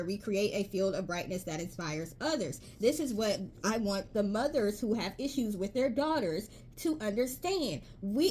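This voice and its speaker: A woman's voice: on the high side, slight background noise. A woman giving a spoken tarot reading, earnest and encouraging, often checking in with the listener as she reads out card messages. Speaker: tarot reader.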